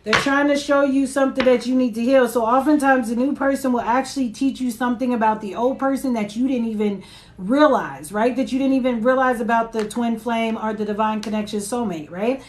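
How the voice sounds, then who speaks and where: Sex: woman. Role: tarot reader. Style: casual live-stream reading. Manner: chatty, loose, checks in with viewers. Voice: a touch high. Mic: phone at home. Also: steady tone, a little fast, slight background noise. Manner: chatty, loose, tag questions and asides to viewers.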